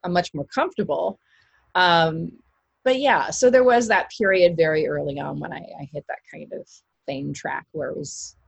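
A woman with a low, gravelly, slightly husky voice talks through an interview in a loose, rambling way, full of fillers and restarts. The sound is dry and close. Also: no echo. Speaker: actress guest. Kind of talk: casual interview chat.

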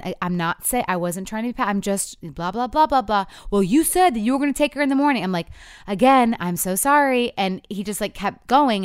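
A woman's voice: mid-range voice, smooth, no room sound, studio quality. A woman in her thirties telling a couple's story in candid chat, acting out the quotes as she goes. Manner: animated storytelling with voiced quotes.

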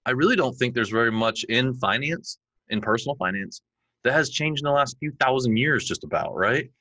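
Bright-voiced man telling stories. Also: mid-range voice, brisk, dry recording, rough recording. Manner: animated storyteller, acts out his kids' lines. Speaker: podcast guest. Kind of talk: conversational interview.

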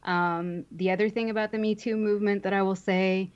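A woman's voice: mid-range voice, fairly even intonation, brisk, highs cut off. A woman co-hosting a livestream, talking frankly and chattily, thinking aloud as she goes. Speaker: streamer, co-host. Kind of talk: casual chat on a livestream.

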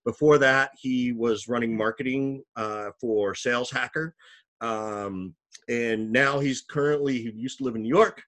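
A man hosting a relaxed podcast, speaking at an ordinary mid pitch. He makes upbeat, jokey introductions. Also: a little slow. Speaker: podcast host. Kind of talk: casual podcast chat.

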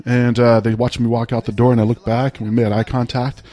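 A man's voice: mid-range voice, flat delivery, a little fast, mellow. A man telling a personal story in a casual, rambling way, full of "like" and "right?". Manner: rambling, laid-back, peppered with "like" and "right?".

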